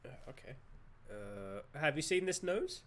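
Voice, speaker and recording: Brief: playful Australian male streamer, slow lively delivery, slightly high voice. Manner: giggly, playful, jokey. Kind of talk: live game commentary.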